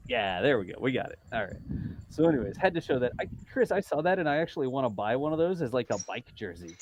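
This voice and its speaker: A man's voice: medium pitch, sing-song, fast talker, muffled recording, a little hiss or hum. A man hosting a live stream in casual chat, rambling a little and reading out viewer donations. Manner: chatty and rambling, with frequent fillers and self-corrections. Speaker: livestream host.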